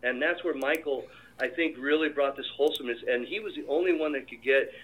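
A film director telling stories in a casual interview, acting out what people said. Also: male voice, mid-range voice, fast talker. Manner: animated storyteller, acts out quoted dialogue. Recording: tinny phone-like line.

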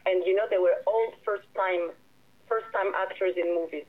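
A woman's voice: mid-range voice, fairly even intonation. Woman on a tinny phone line. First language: French. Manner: halting, searching for English words, many restarts. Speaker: filmmaker and director. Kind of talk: interview answers.

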